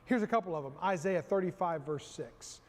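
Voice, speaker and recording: High-voiced pastor preaching in a reverberant hall. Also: male voice, brisk. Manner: emphatic, repeats phrases, calls on the congregation. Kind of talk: sermon.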